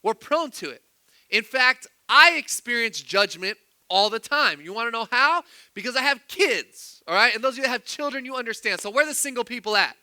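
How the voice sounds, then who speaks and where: A man's voice: very high-pitched, animated, brisk, bright, forceful tone, dry recording. A young man preaching a sermon, chatty and quizzing his congregation with questions. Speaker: pastor.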